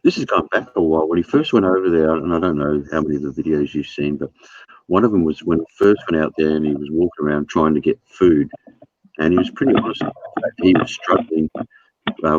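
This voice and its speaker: A man's voice: extremely low pitch, brisk, darkish tone, dry recording, dull audio. A middle-aged man, co-hosting a casual chat, blunt and sprinkling in swearing. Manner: blunt, swears, says mate. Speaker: show host.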